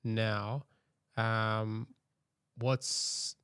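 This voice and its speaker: A man hosting an interview, asking slow, hesitant questions. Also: fairly low pitch, flat delivery, fairly bright tone, clean tone, no room sound, studio quality. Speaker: podcast host.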